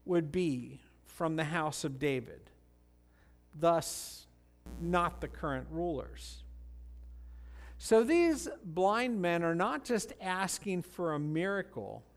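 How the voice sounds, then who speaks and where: A high-pitched man delivers a sermon at an unhurried, deliberate pace. He teaches earnestly through a scripture passage and lifts his voice when he quotes the people in the story crying out. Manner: slow, earnest Bible teaching, rising and loud when quoting cries. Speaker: pastor.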